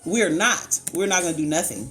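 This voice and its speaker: A woman's voice: on the low side, lively intonation, moderate pace, a bit bright. A woman counselor hosting a casual live-stream chat, blunt and colloquial, breaking into sound effects and laughter. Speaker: licensed counselor and channel host. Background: faint background music.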